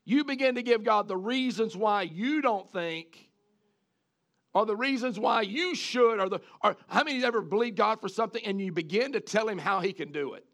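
High, gravelly male preacher. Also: normal speed. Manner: animated, repeats words, asks the congregation questions. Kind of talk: sermon.

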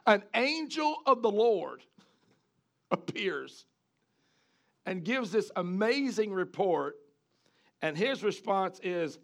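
A man with a high, gravelly voice preaches a sermon. He talks in an animated way, stumbles over repeated words and keeps turning to the congregation with questions. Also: slow pace, pauses often.

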